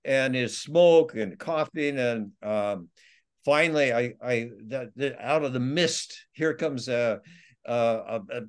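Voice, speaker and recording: A man tells a long personal story as a podcast guest, stumbling over his words and laughing between phrases. His voice sits at an ordinary middle pitch. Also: clean tone. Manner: halting, many restarts and laughs, acts out quotes. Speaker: author and guest. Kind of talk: casual storytelling interview.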